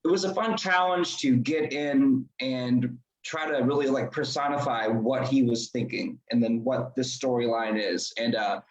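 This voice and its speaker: A male band member talking casually about making a record, relaxed and rambling. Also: medium pitch, normal speed, hardly any pauses, roomy sound, dull audio. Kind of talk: casual interview talk.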